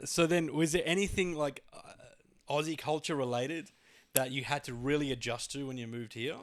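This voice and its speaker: A man's voice: mid-range voice, fairly even intonation, moderate pace. Male comedy-podcast host, easygoing, laughs often, swears casually.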